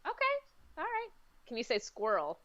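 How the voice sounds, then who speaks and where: A woman's voice: fairly high pitch, wildly swooping pitch, normal speed, a bit bright, no echo. Chatty woman, laughs easily. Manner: chatty, laughs often, many fillers. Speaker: comics editor, guest. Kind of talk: casual chat. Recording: dry, slightly dull sound.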